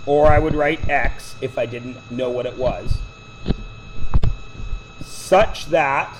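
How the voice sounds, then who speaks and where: A man's voice: a little high, slight background noise, low-quality recording. A man teaching math to a class, lecturing with chatty, joking side stories. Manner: chatty, digressive, joking asides.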